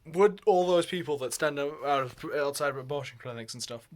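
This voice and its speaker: A man's voice: on the high side, brisk. A man talking in a rambling, casual vlog, laughing often and swearing freely. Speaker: vlogger.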